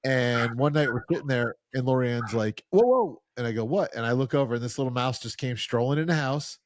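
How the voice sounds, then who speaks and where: Relaxed male podcast host, chatty, dry close sound. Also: medium pitch, fairly quick, dry recording. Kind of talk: casual podcast chat.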